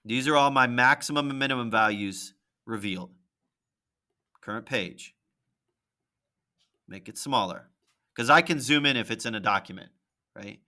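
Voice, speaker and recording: Man, math teacher, screen-recorded lesson, conversational, bright tone. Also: medium pitch, normal speed, long pauses. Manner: conversational, thinking aloud with frequent "right?" and "okay?".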